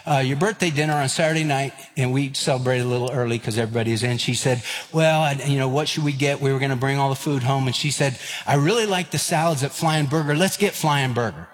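A man, preaching a sermon and telling stories with lively acted-out voices. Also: mid-range voice, fast, hardly any pauses. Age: 50s. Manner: animated, acts out quoted voices and escalating lines. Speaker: pastor. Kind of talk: sermon with storytelling. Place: church sanctuary. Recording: long hall reverb.

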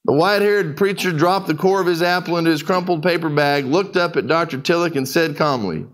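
A man's voice: fairly high pitch, a little fast, hardly any pauses. A man preaching a sermon in a folksy, conversational way, telling stories to his listeners. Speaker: pastor. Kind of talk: sermon storytelling.

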